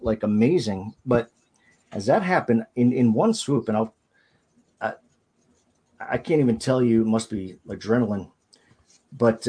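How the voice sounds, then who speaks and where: A man, a podcast guest, recounting a personal ordeal in a halting, hesitant way, often restarting his sentences. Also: fairly low pitch, darkish tone, slightly rough. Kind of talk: personal storytelling in an interview.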